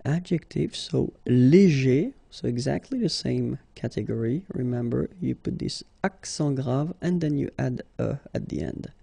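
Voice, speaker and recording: French-accented man teaching a lesson, husky tone, dry close sound. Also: mid-range voice, warm tone, dry recording. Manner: patient and explanatory, slow and deliberate. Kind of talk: language lesson.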